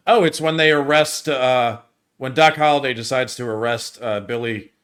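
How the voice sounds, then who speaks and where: A man's voice: mid-range voice, normal speed, smooth. Man retelling film scenes in casual chat. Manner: animated scene retelling with frequent restarts. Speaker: film review podcast co-host.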